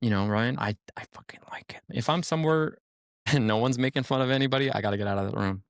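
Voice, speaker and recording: A man telling stories in casual chat on a podcast, animated and acting out quotes, with frequent swearing. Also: mid-range voice, quick pace, dry recording, studio quality. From Hispanic family background. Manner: animated storyteller, acts out quotes, swears freely. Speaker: podcast guest. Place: podcast studio.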